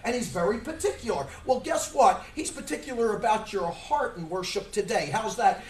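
A man pastor preaching a sermon, emphatic and full of rhetorical questions, at times shouting. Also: sits high, expressive, normal speed. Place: church sanctuary. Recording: echoey church room from far off.

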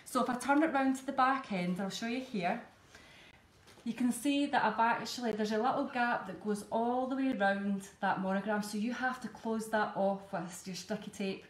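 A woman's voice: on the high side, normal speed. A woman with a Scottish accent, chatting her way step by step through a live cake-decorating demonstration. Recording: echoey room, faint background ambience.

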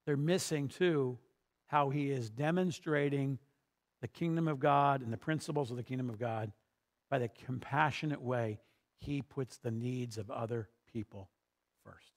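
A man's voice: medium pitch, measured pace. A male pastor preaching a sermon, retelling a story and building to emphatic peaks.

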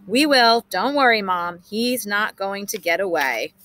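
A woman voicing an eager, cheerful young boy who pleads and gets excited about his pet, as she reads a children's book aloud. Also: sits high, a little slow, heavily acted. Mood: pleading.

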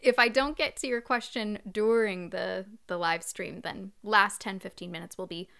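A woman's voice: medium pitch, normal speed, vocal fry. A young adult woman vocal coach, chatting through a live-streamed singing lesson and singing short phrases to demonstrate.

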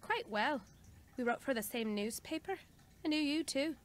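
A wry older journalist. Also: female voice, high-pitched, expressive, moderate pace. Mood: dry teasing. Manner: dry, teasing, then urgent. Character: wry older female former newspaper writer.

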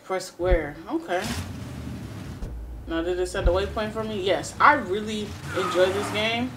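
A woman's voice: mid-range voice, a little slow, noisy background. Chatty young woman from Cleveland. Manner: chatty and rambling, talking straight to viewers. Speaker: gaming YouTuber. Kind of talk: casual gameplay commentary. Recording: voice over loud game sounds.

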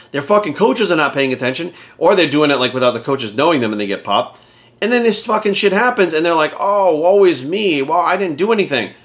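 Profane ranting man, higher voice. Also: fairly bright tone. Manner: profane, blunt, exasperated ranting. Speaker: fitness coach. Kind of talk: ranting commentary to camera.

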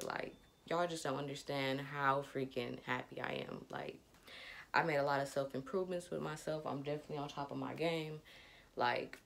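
A young woman chats casually to her channel's viewers in a low, gravelly voice. She talks in an upbeat, chatty way with plenty of fillers and a slight lisp. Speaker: vlogger. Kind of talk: casual chat to camera.

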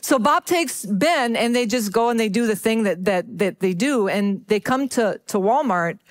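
A woman's voice: a little high, normal speed. Chatty woman pastor telling a story. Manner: chatty, animated storytelling with audience check-ins. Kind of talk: sermon storytelling.

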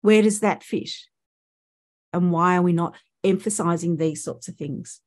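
A woman's voice: on the low side, measured pace, a little mellow. A woman with an Australian accent, a speech pathologist giving a conference presentation and explaining points with rhetorical questions to the audience.

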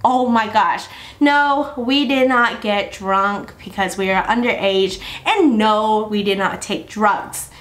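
A young woman beauty vlogger telling a personal story to her viewers in a chatty, animated way. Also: mid-range voice, takes it slowly, faint music behind. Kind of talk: casual storytelling to camera.

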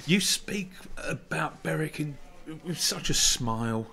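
A man's voice: a little high, lively intonation, slow, creaky, pushed and bright. A man hosting a podcast and asking light, teasing interview questions. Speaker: podcast host.

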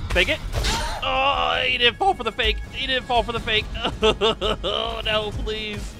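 A man giving excitable gameplay commentary, yelping, taunting and repeating phrases as he plays. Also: very high-pitched, a little slow, creaky. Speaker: gaming YouTuber. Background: game music.

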